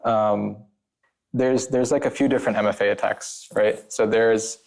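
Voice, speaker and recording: Man, podcast guest, low pitch, gravelly fry, rambling with many fillers, blunt. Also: fairly even intonation, a little slow, a little mellow. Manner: blunt and emphatic. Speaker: guest, former penetration tester. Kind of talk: casual podcast conversation.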